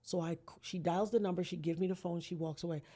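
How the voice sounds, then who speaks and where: A woman's voice: on the low side, steady tone, fast, dark tone. Earnest woman telling a dramatic story. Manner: vivid storyteller who acts out quoted voices; earnest, invokes God. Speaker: podcast guest.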